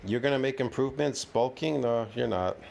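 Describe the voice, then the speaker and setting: A man's voice: mid-range voice, fairly quick, gravelly, very noisy. A man giving sarcastic, mocking reaction commentary.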